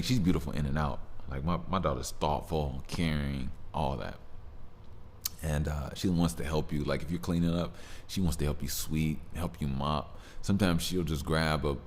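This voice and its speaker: A man's voice: extremely low pitch, darkish tone, slight background noise. A man hosting a solo podcast, talking in a rambling, laid-back way with lots of fillers and restarts. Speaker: podcast host. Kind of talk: casual solo podcast monologue.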